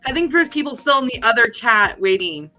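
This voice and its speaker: A woman's voice: a little high, lively intonation, a little fast, bright, forceful tone, faint music behind. A woman from Canada, a guest talking casually about her paranormal channel. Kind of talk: casual interview chat.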